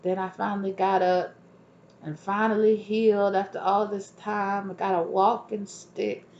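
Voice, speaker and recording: A woman voicing a weary, battered person recounting a dramatic recovery, in an odd put-on accent that is higher and louder than her own voice. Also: little pitch movement, measured pace, echoey room, muffled recording, lightly acted. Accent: put-on, unplaceable. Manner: dramatic, storytelling. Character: weary battered soul telling a comeback story, odd accent.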